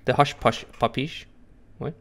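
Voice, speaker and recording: Excitable man cheering on a co-op game. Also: medium pitch, unhurried. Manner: excitable, laughs often, cheers loudly. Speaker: co-op gaming partner. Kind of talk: live gameplay chat.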